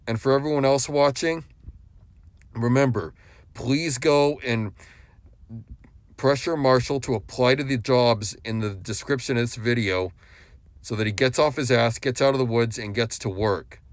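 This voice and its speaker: A young man talks straight to the camera in a long scolding monologue. His voice sits at an ordinary middle pitch, and he lectures with contempt, hammering the same points again and again. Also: measured pace, no room sound. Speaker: YouTube commentator. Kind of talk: scolding monologue addressed to another YouTuber.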